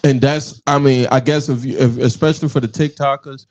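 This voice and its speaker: Profane laughing host. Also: male voice, medium pitch, steady tone, brisk. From Richmond, Virginia. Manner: loud, profane, laughing storyteller. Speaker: podcast host. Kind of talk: casual chat. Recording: dull lo-fi sound.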